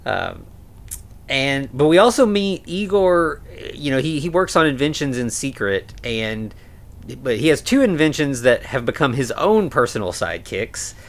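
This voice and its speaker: A man's voice: mid-range voice, very animated, moderate pace. A man co-hosting a podcast, talking through a film in a casual, rambling way with many fillers and restarts. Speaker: podcast co-host.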